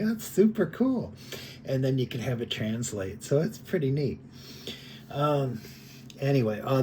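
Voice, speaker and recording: A man's voice: on the low side, darkish tone, a little hiss or hum. A man talking casually and rambling, chuckling as he comments on other creators' videos. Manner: rambling, chuckling, heavy on fillers. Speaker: commentary vlogger.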